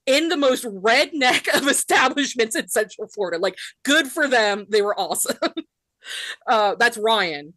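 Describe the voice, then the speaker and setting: A woman's voice: a little high, lively intonation, measured pace, fairly bright tone, no echo. A woman in her thirties with a Southern US accent, co-hosting a podcast and telling a story in casual chat, laughing often and saying "like" a lot. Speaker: podcast co-host.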